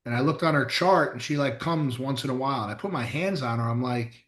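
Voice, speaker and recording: The speaker is a middle-aged chiropractor and podcast co-host whose medium-pitched voice is brisk and a bit bright. In a casual chat recorded in an echoey room, he tells emphatic, blunt stories with a little mild swearing.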